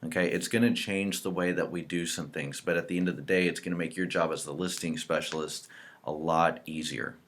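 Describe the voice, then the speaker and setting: A man giving a relaxed screen-recorded software tutorial, explaining each step as he fills in example entries. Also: low voice, a little fast, slight background noise. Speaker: real estate software trainer.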